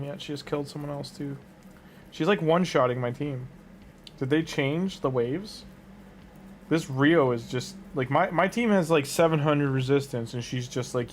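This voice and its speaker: A man's voice: medium pitch, a little hiss or hum. A man giving casual gameplay commentary, muttering and thinking aloud as he reacts to a game. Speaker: gaming streamer.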